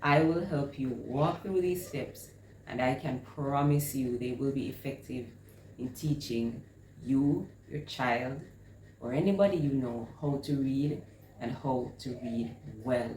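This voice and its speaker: A woman's voice: a bass voice, measured pace, dark tone. A woman host teaching reading, explaining step by step and drawing out and repeating each sound she models. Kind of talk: instructional explanation. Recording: echoey room with faint noise.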